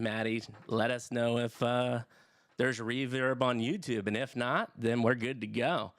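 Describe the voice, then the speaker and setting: A middle-aged man hosting a podcast in casual, energetic chat, swearing freely. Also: medium pitch, a little slow, no echo, studio quality. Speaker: podcast host.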